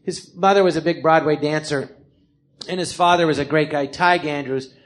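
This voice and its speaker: An animated American comedian in his fifties recounts his past on a live stage. His voice sits a little high, and he jumps into other voices whenever he quotes someone. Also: moderate pace. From Los Angeles, California. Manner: animated, acts out quoted people in different voices. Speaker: comedian telling his life story. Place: live theatre stage before an audience.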